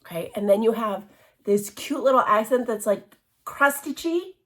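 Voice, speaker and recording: A woman chatting casually in a show-and-tell craft vlog, gushing and excitable, with many restarts and laughs. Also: on the high side, unhurried. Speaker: cross-stitch vlogger.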